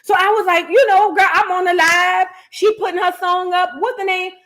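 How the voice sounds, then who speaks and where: A woman with an extremely high voice talks at a moderate pace while hosting a live reaction channel. In casual livestream chat with her viewers, she tells animated stories, acts out quotes, and calls everyone "girl."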